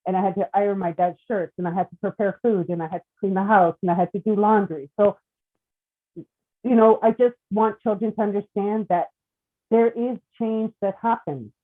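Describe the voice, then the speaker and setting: Heartfelt woman in her forties, author on a group call, mid-pitched, thin phone-like audio. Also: steady tone, normal speed. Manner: earnest, heartfelt storytelling. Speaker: children's book author. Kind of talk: casual chat on a group call. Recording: phone-like narrow sound.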